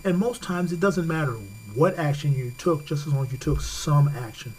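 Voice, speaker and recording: A man's voice: fairly high pitch, moderate pace, a little mellow, a little hiss or hum, low-quality recording. Chatty man giving safety advice. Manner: conversational, repeats words and restarts, laughs easily. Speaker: safety expert guest. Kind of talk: talk radio advice.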